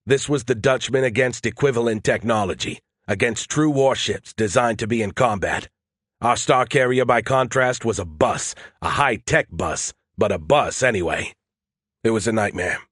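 Male audiobook narrator, first person, steady and tense, dry recording. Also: medium pitch, husky, no room sound.

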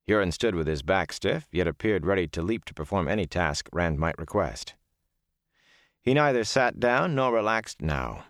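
Deep-voiced male audiobook narrator. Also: expressive, normal speed, no echo, clean studio sound. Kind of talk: scripted narration.

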